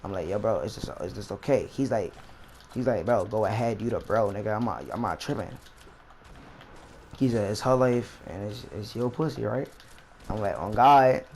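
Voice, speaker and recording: A young man tells a long, rambling story while he plays a game, full of slang and restarts. His voice sits fairly low. Faint background noise runs under the recording. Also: moderate pace, darkish tone. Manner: rambling, slangy, repeats himself. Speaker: vlogger. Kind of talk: casual storytime while gaming.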